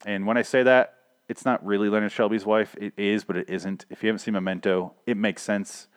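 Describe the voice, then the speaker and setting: Young male podcaster, deep-ish voice, dry close sound, sarcastic and profane comic recapper. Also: steady tone, clean tone, dry recording. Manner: sarcastic, profane, acts out characters in quick asides. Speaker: podcaster reviewing a TV episode. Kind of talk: casual comedic recap.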